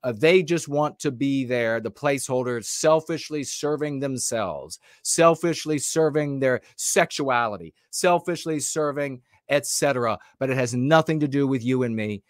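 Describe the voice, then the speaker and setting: A man's voice: mid-range voice, moderate pace, few pauses, dry recording, clean studio sound. A man ranting as a political commentator in a livestream. He talks bluntly and heatedly, stopping and restarting often with fillers.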